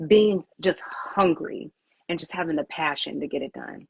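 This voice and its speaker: A woman's voice: sits low, moderate pace, creaky, breathy edge, no echo, highs cut off. A woman who founded a PR agency, answering interview questions with candid storytelling and acting out her own inner thoughts.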